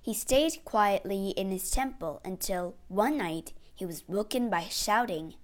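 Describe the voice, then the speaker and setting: A woman reading a children's storybook aloud, clear and expressive. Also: mid-range voice, a little slow, hardly any pauses.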